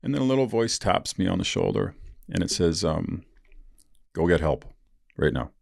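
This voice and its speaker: A man's voice: sits low, big pitch swings, normal speed, creaky, darkish tone, no room sound, clean studio sound. A man, a podcast host telling a personal story in a blunt, profane way with rueful laughs.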